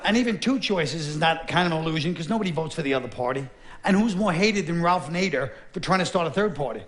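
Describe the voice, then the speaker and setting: A man's voice: fairly high pitch, expressive, fairly bright tone, slight background noise. Sardonic middle-aged man doing stand-up. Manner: sardonic, blunt, gruff delivery with quick asides. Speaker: stand-up comedian. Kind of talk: stand-up comedy monologue. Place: theater stage with a live audience. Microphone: stage microphone.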